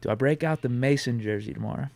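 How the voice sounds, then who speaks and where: A man's voice: medium pitch, fast talker, vocal fry, a little mellow, no echo. A man hosting a sports podcast, chatting in an easygoing way with a dry sense of humor. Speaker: podcast host. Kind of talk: casual sports chat.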